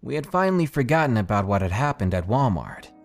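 A man reading first-person scary stories in a steady, scripted narration with dramatic pauses. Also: medium pitch, faint music behind. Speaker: storyteller reading submitted stories.

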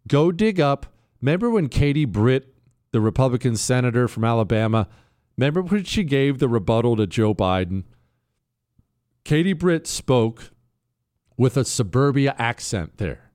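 A man hosting a talk radio show, sarcastic and chatty, often jumping into a mocking high pitch. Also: expressive, moderate pace, a little mellow, dry recording, clean studio sound. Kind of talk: casual talk radio commentary.

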